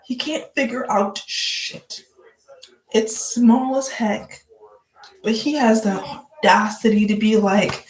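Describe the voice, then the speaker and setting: Slow-talking woman with a blunt gossip style. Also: a little high, reverberant, low-quality recording. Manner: blunt, profane and joking, with frequent "like" fillers. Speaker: vlogger. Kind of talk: casual gossip commentary.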